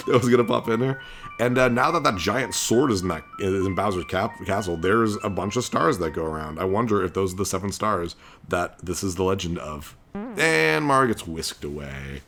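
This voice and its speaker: A man hosting a let's-play, chatting excitedly through his gameplay and laughing often. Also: sits low, moderate pace. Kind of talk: gameplay commentary. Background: game music.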